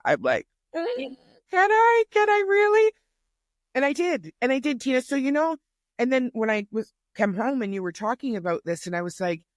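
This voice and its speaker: A woman in her fifties telling a personal story as a podcast guest, chatty and animated, often restarting her sentences. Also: a little high, dry recording, clean studio sound. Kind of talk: casual storytelling conversation.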